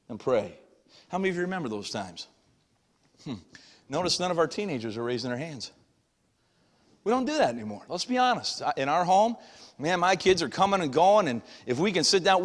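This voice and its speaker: Middle-aged pastor guy preaching, chatty and folksy, voice kinda high, church hall echo all around. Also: a bit bright. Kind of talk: sermon. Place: church sanctuary. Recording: long hall reverb.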